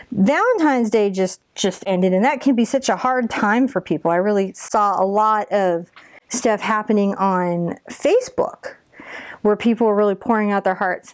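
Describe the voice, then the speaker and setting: A woman's voice: mid-range voice, darkish tone, dry recording, clean studio sound. A woman teaching a step-by-step painting tutorial, chatty and encouraging as she talks through each brush stroke.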